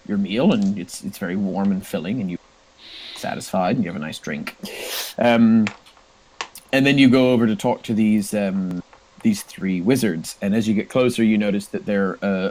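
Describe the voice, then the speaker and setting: A man's voice: on the low side, darkish tone, low-quality recording. A man narrating a tabletop role-playing game as game master, with many fillers and restarts.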